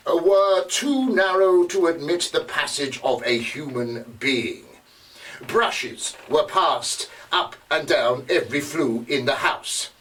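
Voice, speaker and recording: An actor playing a male investigator who reports witness testimony in a live stage drama, often pausing with hesitations. He is recorded from a distance. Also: a little high, a bit bright, a little hiss or hum. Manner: halting, with frequent hesitations. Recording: distant mic.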